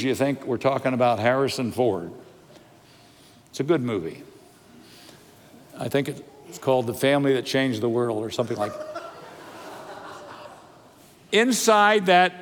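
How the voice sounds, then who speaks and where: An older man delivers a sermon, his voice sitting somewhat high for a man. He preaches with lively storytelling, jokes and questions put to the congregation. The sound carries a long reverb from a large church hall. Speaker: pastor. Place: church sanctuary.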